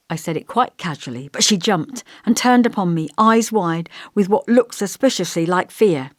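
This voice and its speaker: A woman narrating a novel as an audiobook in a measured, expressive reading. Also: lowish voice, no echo, studio quality.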